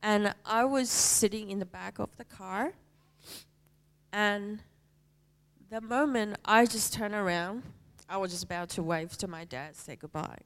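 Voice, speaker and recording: Slow, halting woman sharing a testimony. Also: medium pitch, clean tone. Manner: halting, heartfelt, with many pauses and fillers. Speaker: church member sharing a testimony. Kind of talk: personal faith testimony.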